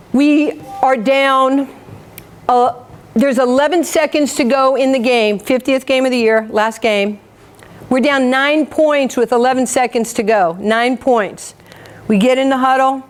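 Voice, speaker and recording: A woman, giving a motivational talk full of stories and acted-out dialogue. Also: fairly high pitch. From New York. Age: 50s. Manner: animated, acts out quoted dialogue. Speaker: guest speaker.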